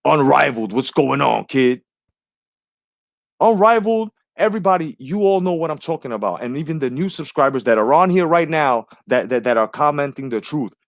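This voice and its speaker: A man's voice: fairly high pitch, animated, normal speed, vocal fry, no echo, clean studio sound. A man hosting a live stream, ranting brashly and profanely while greeting viewers in the chat.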